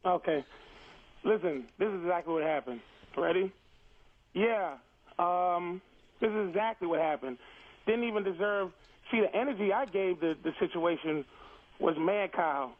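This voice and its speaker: A man on a phone call into a radio show presses his version of events, retelling it again and again. His pitch runs fairly high, and the line is narrow and tinny. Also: moderate pace, long pauses. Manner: insistent storyteller, keeps retelling and interrupting. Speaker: comedian calling in. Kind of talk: heated radio argument.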